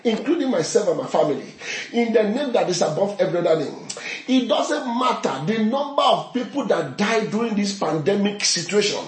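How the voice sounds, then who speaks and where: A man leading a fervent prayer session in church, shouting repeated declarations and breaking into tongues. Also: sits high, big pitch swings, brisk. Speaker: pastor. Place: church service. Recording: roomy echoey hall.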